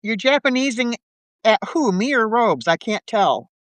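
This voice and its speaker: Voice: mid-range voice, animated, measured pace, fairly bright tone, dry recording. A participant in a live audio chat who talks in a flirty, teasing way and laughs often. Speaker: participant and story reader.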